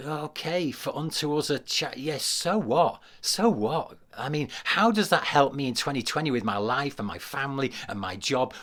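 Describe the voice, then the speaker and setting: A man preaching to a camera in a mid-pitched voice. He repeats his key phrases and builds to loud, emphatic declarations. The delivery is that of a livestreamed sermon. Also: moderate pace, hardly any pauses. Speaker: pastor. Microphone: speaking to a camera.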